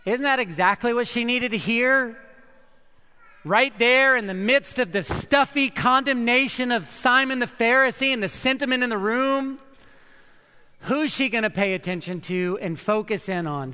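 Earnest preacher in a reverberant hall. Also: male voice, very high-pitched, bright, forceful tone, smooth. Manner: earnest, emphatic preaching with slow dramatic pauses. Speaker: pastor. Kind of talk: sermon.

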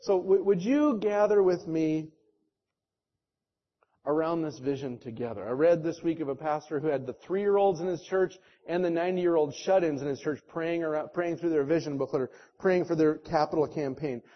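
A male pastor preaching an impassioned sermon that moves between loud, urgent exhortation and quiet, earnest prayer. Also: on the high side, moderate pace. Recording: dull lo-fi sermon recording.

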